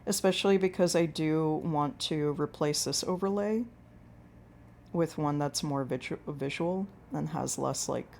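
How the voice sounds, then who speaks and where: Painting with watercolors on a livestream, a woman rambles casually through viewer comments, self-deprecating and a bit whiny, with a pleading tone. Her voice is deep, unhurried, creaky, and a little mellow, and there is slight background noise.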